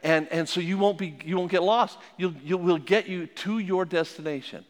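A man's voice: sits high, normal speed, voice pushed up, lightly acted. A man preacher voicing a cheerful, helpful young woman phone operator, in a chirpy customer-service manner. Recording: long echoing hall reverb.

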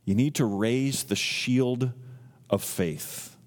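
A man in his thirties preaching a sermon as a pastor, teaching earnestly and acting out quotes in lively voices. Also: mid-range voice, takes it slowly. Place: church sanctuary. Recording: long reverb from a church hall.

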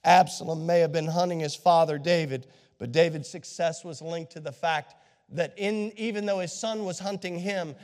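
A pastor preaching a sermon with a scratchy throat from a cold, swinging from hushed asides to impassioned shouts. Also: male voice, a little high, moderate pace. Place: church sanctuary. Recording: long reverb of a large hall.

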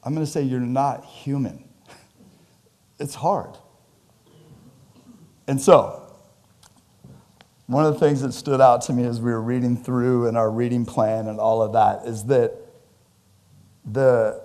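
In a church sermon, the pastor speaks in an energetic, conversational style and jokes with his listeners. Both his pitch and his volume vary widely.

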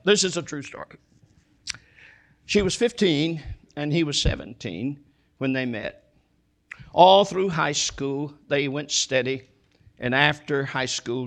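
A male preacher delivering a sermon at a slow, deliberate pace. His voice sits a little high for a man, and he leans on repetition and storytelling to drive each point home. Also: fairly bright tone. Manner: slow, emphatic preaching with repeated phrases and storytelling.

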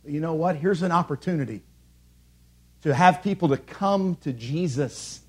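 A man with a high, husky voice preaches from a church pulpit. He presses his points with repeated calls and rhetorical questions, rising and falling as he drives each line home. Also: expressive, moderate pace, a little mellow. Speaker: pastor. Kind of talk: sermon.

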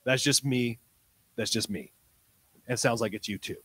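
A man preaching a sermon, telling a story in acted-out dialogue and swinging from quiet asides to loud, excited bursts. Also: medium pitch, normal speed, husky, dry recording, poor audio. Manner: tells stories in quoted dialogue.

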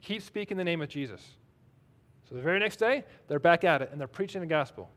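A man's voice: a little high, animated, quick pace, fairly bright tone. A man preaching a sermon in a conversational, self-deprecating way, reading scripture aloud between his own remarks. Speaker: pastor.

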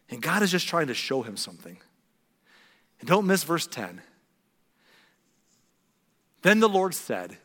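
A man's voice: mid-range voice, sing-song, normal speed, fairly bright tone, long reverb tail. A man from the American Midwest preaching a conversational sermon, acting out quotes with big jumps in his voice. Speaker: pastor.

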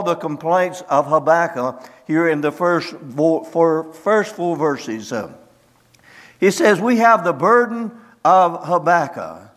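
A man preaching a sermon as pastor, reading scripture slowly and emphatically with many "uh" fillers. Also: a little high, big-room sound.

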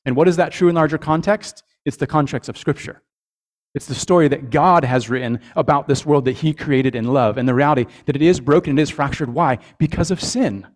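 A man's voice: a little high, a little fast. Male pastor, earnest sermon delivery, conversational, repeats words, checks in with the congregation.

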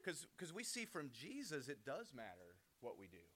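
A man's voice: medium pitch, huge pitch swings, normal speed, fairly bright tone. A man giving a casual Bible teaching, conversational, often checking in with "right?" and restarting his words. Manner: frequent restarts and repeated words.

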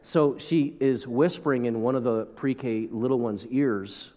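A male pastor delivers a sermon in an easy, conversational way, turning aside now and then to speak to the congregation. His voice sits at an ordinary middle pitch for a man. A long reverb trails after his words, as in a large church sanctuary. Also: unhurried, warm tone.

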